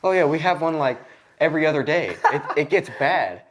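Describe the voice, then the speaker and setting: A man's voice: fairly quick, slight background noise. A young man hosting a podcast in a studio, telling a casual work story and acting out the people in it with sudden jumps in his voice. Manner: animated, acts out quoted lines with jumps in pitch. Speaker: podcast host.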